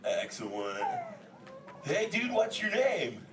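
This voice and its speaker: A mellow surfer-dude sea turtle. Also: male voice, high-pitched, wildly swooping pitch, slow, recorded from a distance, music in the background, full character voice. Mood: laid-back, goofy. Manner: surfer slang, says "dude" constantly. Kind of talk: live interactive theme park show. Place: indoor theater with audience. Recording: echoey theater taped from the audience, crowd noise.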